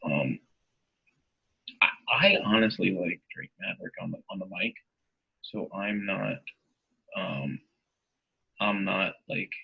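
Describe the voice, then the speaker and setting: Man, podcast co-host, gravelly and husky, dull lo-fi recording. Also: sits low, animated, takes it slowly, long pauses. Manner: laid-back, lots of "um" and "you know". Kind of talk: casual wrestling podcast chat.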